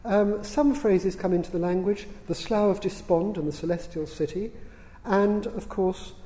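A man giving a public lecture in a large hall, dry and witty, unhurried, with the odd filler. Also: high-pitched, dark tone. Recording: reverberant hall sound.

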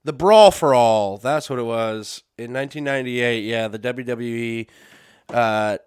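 A man's voice: medium pitch, a little slow, darkish tone, clean tone, dry recording, clean studio sound. A man hosting a casual solo podcast, rambling and correcting himself, with lots of fillers and some swearing. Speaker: podcast host. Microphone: dusty podcast microphones.

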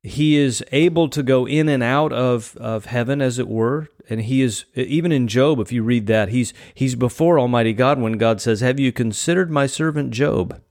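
A man's voice: medium pitch, normal speed, hardly any pauses, darkish tone, no room sound, clean studio sound. A man preaching a sermon, reading scripture aloud and explaining it earnestly, often repeating words as he goes.

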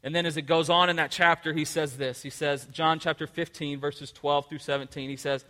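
Emphatic preacher with a bright voice. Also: male voice, on the high side, fairly even intonation, fairly quick, long reverb tail. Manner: emphatic, motivational, repeats words when restarting. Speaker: pastor. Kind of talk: sermon.

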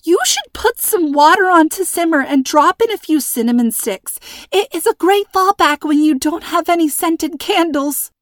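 A woman voicing a frightened teenage girl who babbles nervously, her voice breathy and squeaky. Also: lively intonation, moderate pace, no echo, studio quality. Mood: nervous babbling. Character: panicky teenage girl talking too fast.

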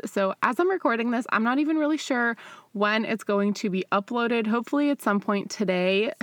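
A woman's voice: mid-range voice, a bit bright, no room sound, studio quality. A young woman hosting her own podcast, talking candidly and casually with frequent laughs and fillers. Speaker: podcast host. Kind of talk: casual solo podcast monologue.

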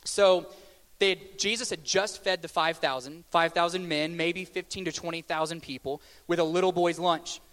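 A man preaching a sermon in a conversational, joking way, slowing down for emphatic questions. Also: a little high, steady tone, fairly bright tone, big-room sound.

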